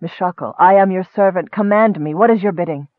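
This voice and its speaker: A man voicing a gentle, devout young male cleric who speaks earnestly and humbly, recorded dry and tinny. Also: high voice, fairly quick, dry recording, natural voice. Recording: dry, tinny, narrow-band.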